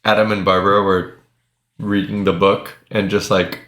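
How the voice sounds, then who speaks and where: A man co-hosting a casual movie podcast, making short remarks with quick laughs. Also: low voice, flat delivery, fairly bright tone. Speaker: podcast co-host. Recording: roomy echo.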